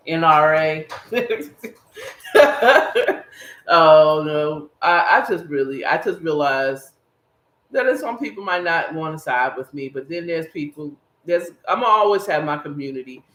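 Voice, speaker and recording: A slightly high, somewhat bright male voice carries a casual solo podcast commentary. The host rambles, speaks emphatically, and talks right to his viewers, recorded in an echoey room.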